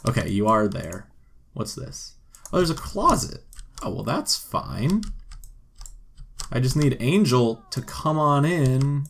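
A man's voice: mid-range voice, very animated, takes it slowly, vocal fry, pauses often, a little hiss or hum. A man giving casual, joking gameplay commentary and talking to the game characters as he plays. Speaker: gameplay video host.

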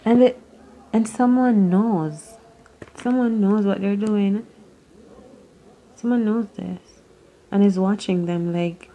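A woman's voice: medium pitch, takes it slowly, long pauses, mellow, a little hiss or hum. A woman doing an unscripted tarot reading to camera, musing aloud, rambling and swearing as she goes. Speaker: tarot reader.

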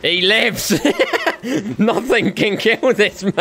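A young man doing lively gameplay commentary, trash-talking with slang and laughing often. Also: high-pitched, slow, creaky. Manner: rowdy, jokey trash-talk with slang and frequent laughter. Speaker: gaming YouTuber.

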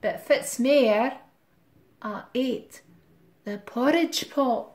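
A woman's voice: fairly high pitch, extremely slow, a little mellow, echoey room. A woman with a Scottish accent voicing a greedy, hungry fat male cat in a sing-song rhyming chant. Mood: boastful.

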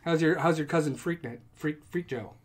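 A man's voice: fairly high pitch, a little fast, husky. A man hosting a podcast, joking and rambling through casual banter with his guests. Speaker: podcast host. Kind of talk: casual chat.

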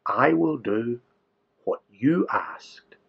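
A man voicing a sheepish, glum runaway prophet who speaks in a low, resigned way, on a dull lo-fi recording. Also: animated, extremely slow, gravelly, husky, exaggerated voice.

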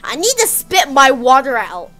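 A woman's voice: sits high, big pitch swings, moderate pace, a bit bright, soft background music. A woman co-hosting a casual gameplay chat, playful and repeating herself. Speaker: gaming channel co-host.

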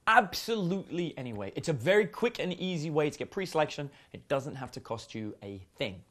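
A man's voice: on the high side, sing-song, a little fast, fairly bright tone. A man giving a casual dating seminar, chatty and full of fillers. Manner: chatty, uses many fillers and acted quotes. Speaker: dating coach.

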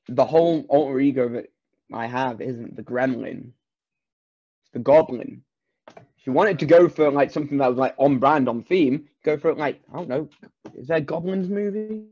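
A man's voice: medium pitch, measured pace, long pauses, darkish tone, muffled recording. A Scottish man, a wrestler, chatting as a podcast guest in a playful, mock-indignant, rambling way. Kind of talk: casual podcast chat.

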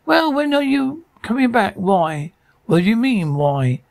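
A woman's voice: fairly high pitch, very animated, measured pace, vocal fry, darkish tone, exaggerated voice. A woman playing an anxious older mother in an audio drama, firing off worried questions at her grown daughter.

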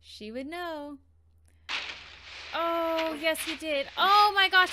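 A woman hosting a casual movie reaction, animated and exclaiming at the screen. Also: extremely high pitch, extremely slow, pauses often.

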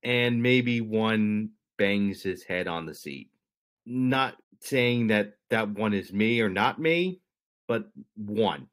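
A young man with a lowish voice talks through a story on a podcast. He rambles and corrects himself as he goes, slipping in dry jokes along the way. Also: animated, takes it slowly, fairly bright tone. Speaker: podcast co-host. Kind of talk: casual explanatory chat.

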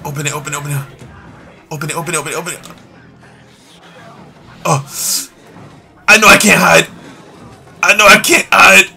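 A man doing let's play commentary on a horror game, swearing constantly in slang and yelling when he panics. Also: a little high, steady tone, normal speed, gravelly, long pauses. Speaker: gamer playing a horror game.

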